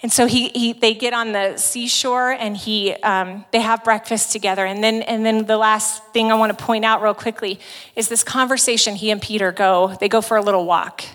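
A woman's voice: on the high side, steady tone, moderate pace, fairly bright tone. A woman giving a sermon to a women's gathering, conversational and emphatic as she retells scripture. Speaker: women's ministry speaker. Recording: long reverb in a large hall.

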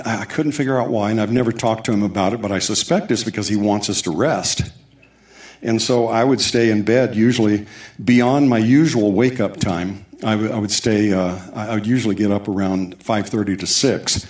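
Low-voiced man preaching in an echoey hall. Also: fairly even intonation, normal speed, darkish tone. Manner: storytelling with asides and quoted dialogue. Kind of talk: sermon testimony. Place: church sanctuary.

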